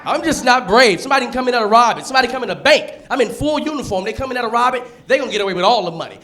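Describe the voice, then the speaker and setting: Animated man doing stand-up, high voice. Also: very fast. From United States. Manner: animated, punchy delivery. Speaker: stand-up comedian. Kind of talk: stand-up comedy set. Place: comedy club stage. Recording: live club set with audience laughter. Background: crowd laughter and room noise.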